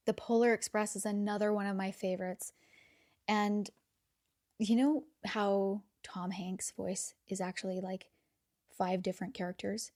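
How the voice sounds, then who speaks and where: A woman hosting a podcast, talking casually and with enthusiasm, sometimes dropping to a soft near-whisper and repeating words as she gathers her thoughts. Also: mid-range voice, little pitch movement, measured pace. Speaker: podcast host. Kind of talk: casual reflective monologue.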